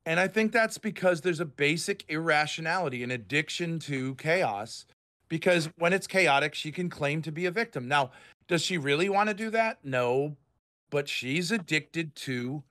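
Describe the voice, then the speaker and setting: Angry ranting man, bright voice. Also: fairly high pitch, expressive, measured pace. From Rhode Island, US. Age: 50s. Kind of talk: heated online group chat.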